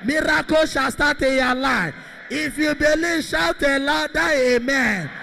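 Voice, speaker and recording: A man, a Catholic priest, leading prayer with shouted, repetitive declarations. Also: very high voice, unhurried, vocal fry, slight background noise. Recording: long hall reverb.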